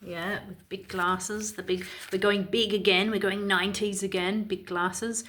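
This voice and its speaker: A woman's voice: mid-range voice, level tone, measured pace, a bit bright, slight background noise. A woman from Ireland giving opinionated, sarcastic and indignant commentary in a vlog. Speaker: commentary vlogger.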